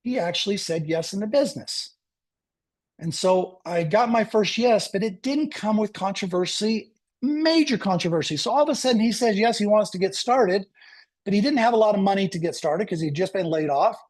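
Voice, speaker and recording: A man giving a motivational talk to a sales team, telling an energetic story and acting out the dialogue. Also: high voice, moderate pace. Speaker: motivational speaker.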